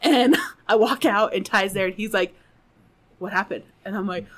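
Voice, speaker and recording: A woman's voice: mid-range voice, moderate pace. A woman guest on a podcast telling a funny personal story in casual, profane chat, laughing often.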